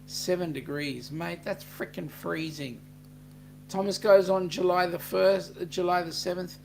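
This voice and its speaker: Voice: mid-range voice, steady tone, a little slow, creaky, a little hiss or hum. A host with an Australian accent, chatting on a live stream, reading out and greeting viewer comments in a laid-back way with lots of "um"s.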